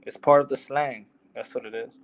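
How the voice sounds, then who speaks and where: A man's voice: mid-range voice, fairly even intonation, moderate pace, a little hiss or hum. Heated, emphatic young man. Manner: heated, emphatic, profane, repeats himself. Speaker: boxer. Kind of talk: casual interview talk.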